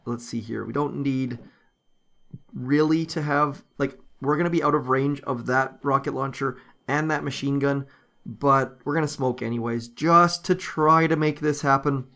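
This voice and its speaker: A man's voice: mid-range voice, steady tone, moderate pace, vocal fry, sharp tone. Chatty man narrating his strategy game. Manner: chatty, thinks aloud with frequent ums. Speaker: gaming YouTuber. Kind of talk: casual gameplay commentary.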